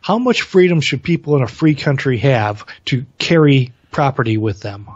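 A man's voice: mid-range voice, animated, normal speed, husky, dry recording, muffled recording. A male co-host in casual political chat who talks earnestly and reads quotes aloud.

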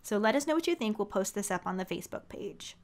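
Brief: mid-pitched woman, lively swooping delivery, gushing co-host in casual chat. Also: fast talker. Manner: animated, gushing and enthusiastic. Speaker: podcast co-host.

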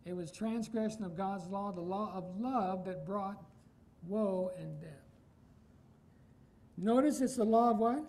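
A man's voice: high-pitched, measured pace, long pauses, a little mellow, rough recording. A man from Iowa preaching a sermon as pastor, emphatic and asking his congregation questions. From Iowa, United States.

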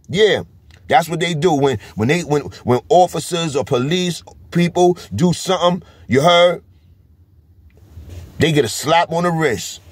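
A man's voice: fairly high pitch, breathy edge, no echo. A man with a New York accent, talking straight to camera in a casual vlog and driving each point home with a constant "you heard?". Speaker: vlogger. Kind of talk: casual street commentary.

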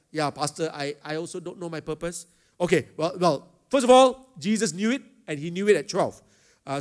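A middle-aged man, a pastor teaching a chapel talk to secondary school students. He asks them questions and often hesitates with fillers. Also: fairly high pitch.

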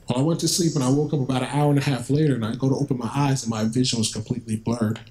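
A man's voice: medium pitch, steady tone, rapid-fire, few pauses, warm tone, a little hiss or hum, rough recording. A man speaking as a guest at a school, telling students a personal story in a conversational, vivid way and acting out the dialogue he remembers. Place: school, indoors.

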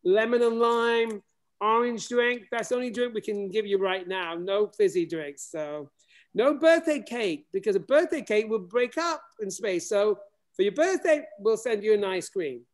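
A man's voice: sits high, expressive, normal speed. A man giving a remote classroom demonstration over a video call as a space program educator, talking in a playful way with many restarts.

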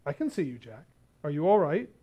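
A man voicing God as a calm, patient, softly assured presence. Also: a little high, a little fast, dull audio, pitched below the performer's own voice.

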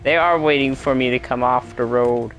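A gaming channel host giving live gameplay commentary, talking to themself and the game and exclaiming loudly at every crash. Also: mid-range voice, normal speed, faint music behind. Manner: excitable, yelps and exclaims at crashes; talks to self and to the game.

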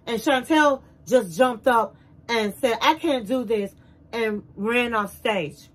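A woman hosting a casual show recap, retelling scenes in an animated way and acting out the quotes. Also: a little high, takes it slowly, breathy edge, poor audio.

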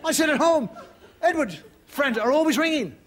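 Animated man telling a stand-up story. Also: moderate pace. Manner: animated storyteller, swings from low asides to bellowing. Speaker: comedian. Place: television studio with live audience. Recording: loud audience laughter, noisy broadcast.

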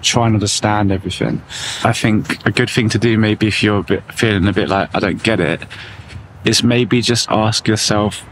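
A man with a lowish, steady voice muses loosely and reflectively at a moderate pace while vlogging on a town street. It's a casual walking vlog, with traffic noise audible behind him.

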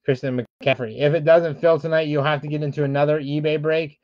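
This live-streamed card break is hosted by a man whose voice is a little high, flat in delivery, and fairly quick. As he opens packs he calls out player names, then explains shipping rules to viewers and owns up to feeling frustrated; the sound is dull, lo-fi, and dry.

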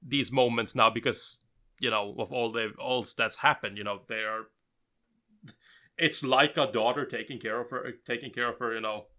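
A man co-hosting an anime podcast, chatting in a relaxed, rambling way with many restarts. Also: mid-range voice, normal speed. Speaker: podcast co-host. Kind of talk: casual chat.

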